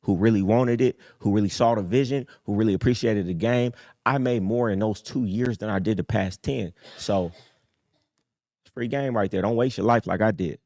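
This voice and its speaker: A man's voice: normal speed, darkish tone, dry recording. Streetwise man preaching hard on a dry mic. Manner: streetwise, preachy, swings from low mutters to high emphatic bursts. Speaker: host. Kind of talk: casual livestream talk.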